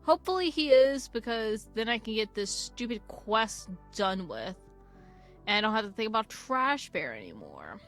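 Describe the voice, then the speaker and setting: A woman's voice: a little high, sing-song, moderate pace, fairly bright tone. A young woman casually commenting on a farming game she's playing, rambling into sweary, self-mocking tangents. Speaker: gaming channel host. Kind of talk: casual let's-play commentary. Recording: faint game music behind.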